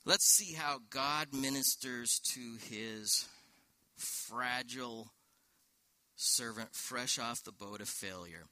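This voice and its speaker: A man's voice: mid-range voice, takes it slowly, sharp tone, dry recording. A man preaching a sermon in a church, walking through a scripture passage with rhetorical questions and quoted verses. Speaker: pastor.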